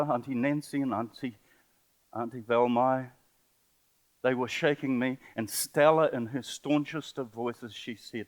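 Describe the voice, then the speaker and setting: Older Kiwi man, mid-range voice, telling a heartfelt story at a seminar, halting and emotional. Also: mid-range voice. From New Zealand. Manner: emotional, halting, earnest, with rising bursts. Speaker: poet and sculptor giving a talk. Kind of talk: impassioned personal storytelling speech. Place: conference seminar venue.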